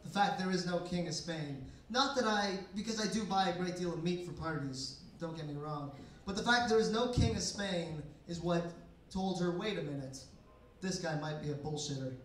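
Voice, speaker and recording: Deadpan young man, echoey bar basement. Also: high voice, normal speed, few pauses, a little hiss or hum. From Canada. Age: 20s. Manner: deadpan, dry sarcastic delivery. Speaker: stand-up comedian. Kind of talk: stand-up comedy set. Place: bar basement comedy night. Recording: echoey room, mic from far off.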